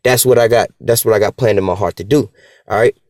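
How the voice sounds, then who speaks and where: A man giving a casual, slang-filled Bible teaching, talking conversationally and slowing down to read scripture. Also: lowish voice, fairly even intonation, darkish tone, dry recording, studio quality.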